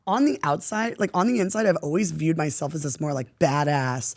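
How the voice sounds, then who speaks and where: A woman's voice: low voice, brisk, gravelly, a little mellow. Chatty young woman, laughing often. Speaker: podcast guest. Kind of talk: casual interview chat.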